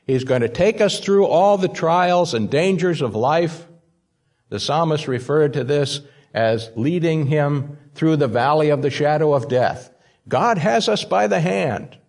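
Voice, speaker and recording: Slow, emphatic male preacher. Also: fairly high pitch, a little mellow. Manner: emphatic, repeating key words for stress. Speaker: pastor. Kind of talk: sermon.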